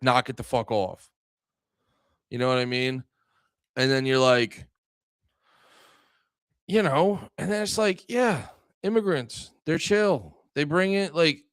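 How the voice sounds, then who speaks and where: A man in his thirties, a podcast co-host, ranting heatedly and with heavy profanity, swinging from shouting to low mutters. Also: clear, resonant tone, no room sound, clean studio sound. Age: 30s. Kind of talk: profane political rant.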